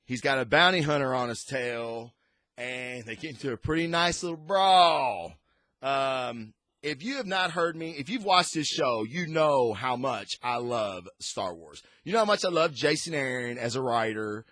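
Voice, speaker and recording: Male host for a casual comic review vlog, mid-pitched, rambling with restarts, dry close sound. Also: animated, measured pace, fairly bright tone, no echo. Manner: rambling and enthusiastic, frequent restarts.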